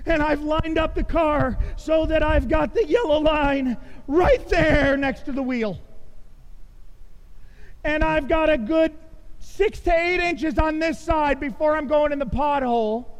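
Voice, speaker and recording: A middle-aged man preaching a storytelling sermon in a church, animated and self-mocking, adding sound effects as he tells the tale. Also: very high-pitched, in a large hall. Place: church sanctuary.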